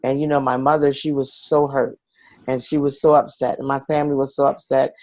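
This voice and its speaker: A man's voice: mid-range voice, flat delivery, fairly quick, a little mellow, dry recording. Earnest man telling his story, dry sound. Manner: earnest, confessional, acts out quoted voices. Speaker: guest. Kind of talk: personal storytelling in an interview.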